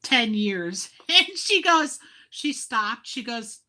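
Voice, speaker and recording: A woman with a bright, higher voice talks slowly and giggles through her stories. She keeps repeating herself in a self-mocking way. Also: expressive. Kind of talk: casual chat.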